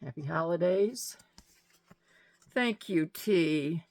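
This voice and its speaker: A woman's voice: fairly low pitch, expressive, takes it slowly, darkish tone, no echo. A woman chatting to her viewers in a casual vlog, gushing and laughing often as she opens mail and gifts. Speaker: vlogger showing mail and gifts. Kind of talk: casual chat to camera.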